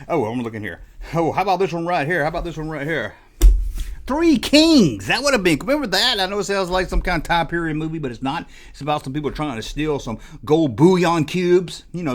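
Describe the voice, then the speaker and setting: A man hosting a toy channel, rambling through a casual, jokey monologue and often stopping to correct himself. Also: fairly high pitch.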